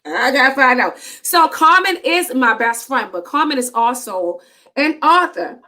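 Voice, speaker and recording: Bright-voiced chatty woman hosting. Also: high-pitched, lively intonation, unhurried. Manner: chatty, laughs often, informal. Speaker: host of author reading show. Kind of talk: casual live-stream chat.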